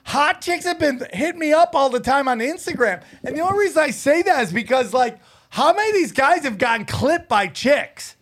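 A man hosting a podcast, telling stories in casual chat, animated and swearing freely. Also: extremely high pitch, a little fast. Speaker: podcast host.

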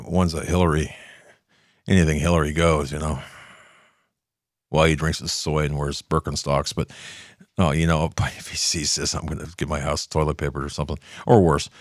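A man's voice: very deep voice, steady tone, normal speed, pauses often, no room sound, clean studio sound. A man hosting a political talk show, riffing sarcastically in a rambling monologue full of restarts. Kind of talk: casual opinion monologue.

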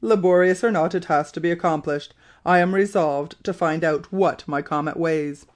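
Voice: mid-range voice, moderate pace, lightly acted. A reader voicing an irritable, proud old male professor in an audiobook, speaking fiercely and impatiently. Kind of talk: audiobook character reading.

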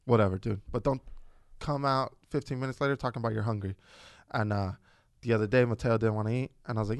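A man's voice: medium pitch, fast, clear, resonant tone, dry recording. Swearing storyteller man, dry close mic. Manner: animated storyteller, swears a lot, acts out his kids' voices. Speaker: podcast co-host. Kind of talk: casual chat.

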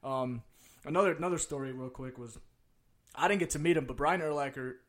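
A young man from the Chicago area hosting a casual chat, telling stories with heavy swearing that gets loud and laughing as they build. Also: mid-range voice, fairly quick.

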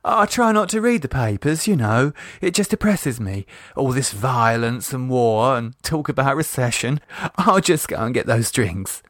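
A man voicing a nervous, chatty working-class woman who talks in a halting, flustered way. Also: mid-range voice, lively intonation, a bit bright, dry recording, studio quality. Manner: flustered, halting, says innit.

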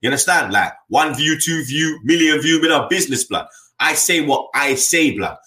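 A man's voice: fairly high pitch, lively intonation, normal speed, bright, forceful tone. Blunt slangy man, roomy sound. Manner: blunt, slangy, keeps adding "you get me". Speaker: football fan channel host. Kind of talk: casual chat.

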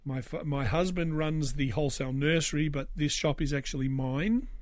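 A no-nonsense Australian shopkeeper mother, firm and matter-of-fact, as her son puts her on. Her voice sits fairly high and dry. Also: normal speed, no room sound, natural voice.

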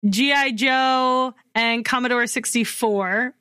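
Woman, 30s, podcast co-host, bright, chatty and giggly. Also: a little high, takes it slowly, clean tone, dry recording, studio quality. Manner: giggly, chatty, reads listener answers aloud. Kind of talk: casual chat.

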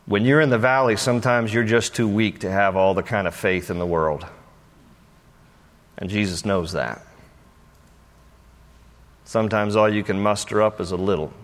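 A man preaching a sermon, telling a Bible story with playful acted-out voices, then turning softer and earnest. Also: low-pitched, long reverb tail. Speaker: pastor.

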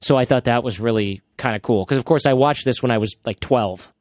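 A man's voice: mid-range voice, brisk, no echo, studio quality. A man in his thirties hosting a podcast, chatting casually and acting out quotes as he tells stories. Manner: animated storyteller, acts out quotes. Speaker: podcast host.

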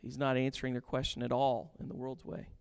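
A man preaching a sermon, animated, switching between quiet asides and loud acted-out quotes. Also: medium pitch, a little fast, creaky, smooth, long reverb tail. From grew up on a farm. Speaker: pastor.

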